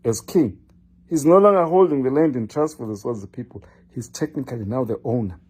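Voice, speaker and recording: A man's voice: mid-range voice, animated, fairly quick, darkish tone, breathy edge. An older man delivering a scolding, lecturing political monologue, addressing one person directly and repeating his name for emphasis. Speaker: political commentator.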